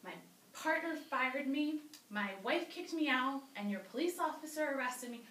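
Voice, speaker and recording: A desperate, bewildered man pleads his case in earnest, as a woman storyteller puts him on. The voice is high and bright. It rings through a roomy space from a distant microphone. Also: animated, moderate pace, slight background noise. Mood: pleading. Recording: roomy, distant live-stage mic.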